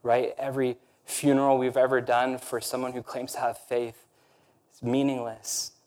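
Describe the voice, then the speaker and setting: A man's voice: medium pitch, flat delivery, normal speed, a little mellow. A male pastor preaching a sermon in an earnest, emphatic way, often tagging points with a rhetorical question.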